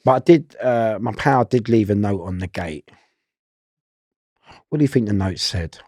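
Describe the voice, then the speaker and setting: A man, telling a rough anecdote in a casual chat and laughing at his own story. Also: fairly low pitch, lively intonation, normal speed, no room sound, clean studio sound. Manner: gravelly, laughs loudly at own stories. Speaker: guest storyteller.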